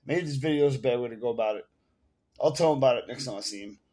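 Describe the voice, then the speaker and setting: A man's voice: medium pitch, racing, mellow, slightly rough. A man with a New York accent ranting casually to the camera at home, profane and rambling, full of fillers. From Bronx, New York. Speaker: vlogger.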